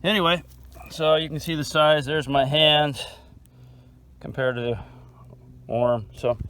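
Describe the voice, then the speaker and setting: Filmed on a handheld phone, a man gives a laid-back, chatty outdoor walking tour of his farm garden, calling viewers "man" and "dude" and chewing food at times. His voice is a little high and a bit bright, steady in tone at a measured pace; the audio is poor with slight background noise.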